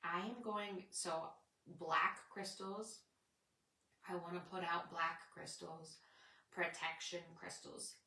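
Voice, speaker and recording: A woman's voice: fairly low pitch, steady tone, slow, vocal fry, bright, forceful tone, roomy sound, distant mic. A woman hosting a casual, rambling spiritual chat with her viewers. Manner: rambling, chatty, reads out viewer comments. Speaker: spiritual livestream host.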